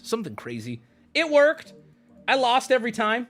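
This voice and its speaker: A man streaming to his chat, telling a travel story in a lively way and jumping into squeaky put-on voices for the people he quotes. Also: normal speed, soft background music. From United States. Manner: lively, swings into high squeaky voices when quoting people.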